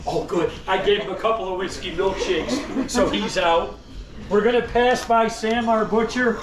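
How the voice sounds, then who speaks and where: A man with a high, bright voice works the crowd like an old-time salesman, full of showy flourishes and playful jabs at his listeners. He speaks to the group directly as he leads a museum tour. The sound bounces around an echoey indoor room, with a faint hum of noise behind him. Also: moderate pace. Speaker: costumed museum tour guide. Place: indoor store museum among visitors.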